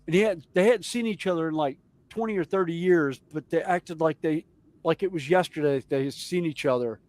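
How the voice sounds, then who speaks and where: A man with a Southern US accent telling stories in a casual chat, animated and chuckling as he goes. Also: a little high, a little fast, no room sound. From Southern United States. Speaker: podcast co-host.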